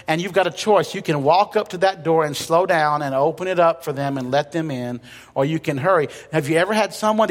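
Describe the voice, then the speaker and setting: A male pastor preaching a sermon in a conversational way, with light humor and emphatic repetition. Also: on the high side. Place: church sanctuary. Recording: long reverb of a church hall.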